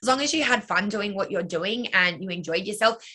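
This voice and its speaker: Chatty young woman with a bright voice. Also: medium pitch, expressive, a little fast. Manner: chatty, lots of "like" and "you know". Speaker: dance and cheer coach, choreographer. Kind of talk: casual interview answers.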